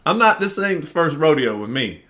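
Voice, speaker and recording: Man, casual venting monologue, bright voice, lively swooping pitch, profane, acts out both sides of an argument. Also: moderate pace. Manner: animated, profane, reenacts arguments. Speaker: vlogger.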